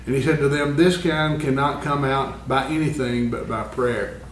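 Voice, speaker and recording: A man teaching a Bible lesson in a church classroom, earnest and often pausing with fillers. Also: mid-range voice, fairly even intonation, a little hiss or hum. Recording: echoey room, far from the mic.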